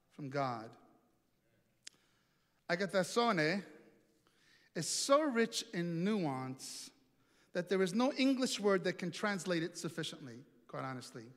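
High-voiced preacher in a reverberant hall. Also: male voice, big pitch swings, slow, pauses often, a bit bright. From Italy. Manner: storytelling, playful, asks the audience questions. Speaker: pastor. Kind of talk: sermon. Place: large hall with an audience.

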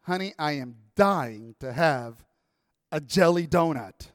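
A man's voice: on the high side, lively intonation, slow, no echo, clean studio sound, voice pushed down. A man voicing his insistent wife as she demands a sweet late at night, in a sermon story.

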